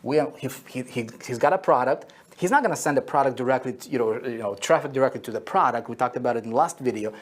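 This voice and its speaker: Husky-voiced man teaching marketing. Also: medium pitch, fast. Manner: keeps checking in with "okay?" and "right?"; repeats key phrases for emphasis. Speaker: online marketing instructor. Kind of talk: whiteboard teaching lesson.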